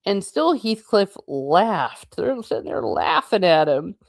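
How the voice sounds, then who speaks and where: A woman's voice: medium pitch, sing-song, slow pace, gravelly, no echo, studio quality. Chatty woman reading a classic novel aloud. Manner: chatty, laughs often, reacts to the text. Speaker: book channel host. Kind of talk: reading aloud with casual commentary.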